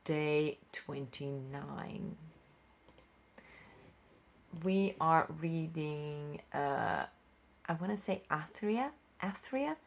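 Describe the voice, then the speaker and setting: A young woman casually reading tabletop game rules aloud, unhurried, with frequent fillers and self-corrections. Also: low voice, gravelly. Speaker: rulebook reader.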